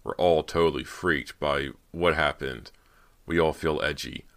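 A man voicing a stern but gentle male film director in an audiobook, speaking in a low, soothing, firm way. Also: steady tone, a little slow, exaggerated voice.

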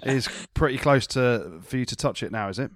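A man's voice: medium pitch, lively intonation, brisk. A man co-hosting a podcast, asking questions and teasing the guest cheerfully. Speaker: podcast co-host. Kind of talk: casual podcast chat.

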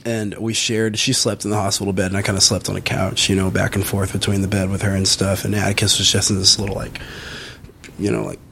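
A man's voice: fast talker, creaky, a little hiss or hum. A man, a musician guest on a podcast, telling a story in casual chat, swearing freely and using lots of fillers. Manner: animated, swears often, many fillers; acts out quoted voices in a higher pitch.

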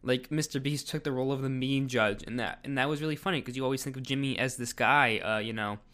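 A man's voice: mid-range voice, quick pace, fairly bright tone. A man giving casual video commentary, rambling with lots of fillers. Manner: rambling, filler-heavy delivery.

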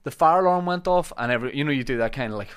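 A man, hosting a podcast in casual chat and telling long, animated stories. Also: medium pitch, very fast, clean tone. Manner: animated anecdote teller, acts out shouted quotes. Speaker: podcast host.

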